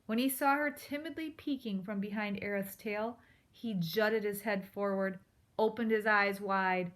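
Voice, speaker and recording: A woman reading a children's storybook aloud in a steady, expressive way. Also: mid-range voice, unhurried. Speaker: narrator.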